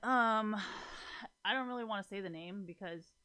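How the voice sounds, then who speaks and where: Young woman streaming, rambles on, swears, laughs a lot, bright sharp voice. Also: medium pitch, normal speed, clear, resonant tone. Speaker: streamer talking to viewers. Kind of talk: casual rambling chat.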